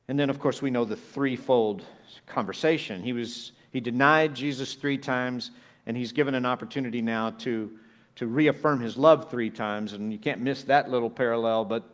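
A man preaching a sermon, building from quiet reflective lines to loud, emphatic peaks. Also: on the low side. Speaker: pastor.

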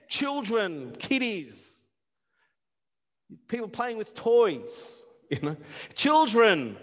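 A man preaching a passionate sermon, repeating words and building to near-shouts. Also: high voice. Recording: long reverb of a hall.

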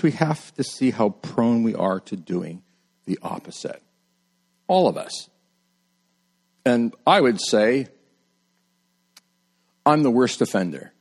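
Male pastor, middle-aged, sermon, conversational preaching, mid-pitched voice, high quoted voices, quiet low emphasis. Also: breathy edge. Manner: conversational, rises high when quoting people, drops low and quiet for emphasis.

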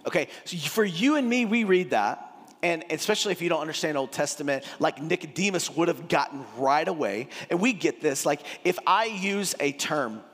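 A man giving a sermon as pastor, with a casual, joking, animated delivery. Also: a little high, moderate pace. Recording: long hall reverb.

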